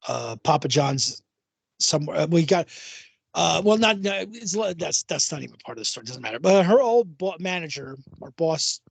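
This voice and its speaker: A man co-hosting a casual chat, loose and profane, often breaking into laughter. His voice sits somewhat high for a man, and it sounds dry and close to the mic. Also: lively intonation, normal speed, gravelly, husky, no room sound. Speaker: podcast co-host.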